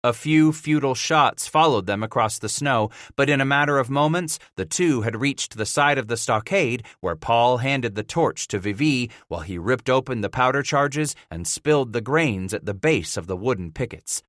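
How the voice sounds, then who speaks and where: A man narrating a frontier audiobook in a measured, vivid way. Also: medium pitch, lively intonation, a bit bright, no room sound, clean studio sound.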